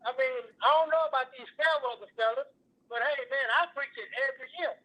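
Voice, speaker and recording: A man's voice: very high voice, quick pace, pushed and bright. A man calling in to a radio show, speaking with passion about his team and sounding choked up. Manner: passionate, choked-up fan talk. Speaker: caller. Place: Houston. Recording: telephone line.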